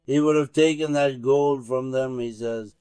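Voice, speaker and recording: A man's voice: medium pitch, steady tone, measured pace, dark tone, smooth, no echo. A man preaching as a sheikh, telling a religious story in sermon style and stopping often to say who is speaking. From Turkey. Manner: retells a tale with many "he says" tags. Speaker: sheikh preaching to his circle.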